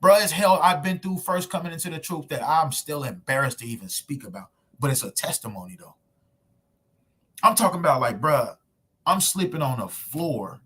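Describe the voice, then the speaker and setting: His voice sits fairly high, sounding a bit bright and husky, expressive, and moderately paced. He preaches to camera at home with screen share, using casual slang and rhetorical questions to push his points in a street preaching sermon video.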